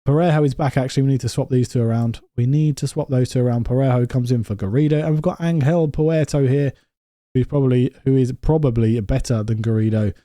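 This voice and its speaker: A man commentating on his own football management game, excitable and quick to get exasperated. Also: mid-range voice, no room sound, studio quality. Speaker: gaming YouTuber.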